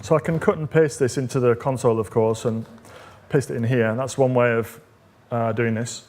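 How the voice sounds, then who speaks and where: A man leads a live coding demo, talking the audience through each step. His pitch sits at an average level, and he speaks in a loose, conversational way with plenty of "uh"s as he thinks aloud. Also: steady tone, brisk, a little mellow. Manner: conversational, explaining step by step with frequent fillers. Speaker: technical evangelist presenting a demo.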